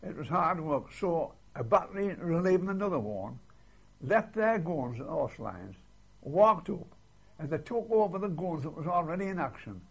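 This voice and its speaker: Older man, gravelly, husky, rambling oral history, lo-fi archive tape. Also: on the high side, lively intonation, moderate pace. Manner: rambling, tags lines with "see". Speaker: war veteran interviewee.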